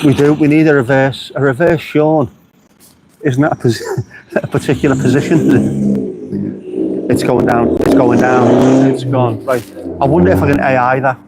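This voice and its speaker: Outdoors by the beach, a man with a medium-pitched voice chats with his live-stream viewers, answering their comments and swearing freely. He speaks a little slowly with big pitch swings, vocal fry, and long pauses. Faint street noise and passing traffic can be heard behind him.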